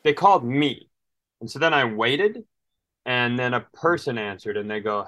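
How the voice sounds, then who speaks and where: A man's voice: mid-range voice, normal speed, fairly bright tone, dry recording. A man with a slight Southern drawl co-hosting a casual podcast, telling stories and acting out phone calls with exasperated, swearing rants. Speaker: podcast co-host. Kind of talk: casual chat.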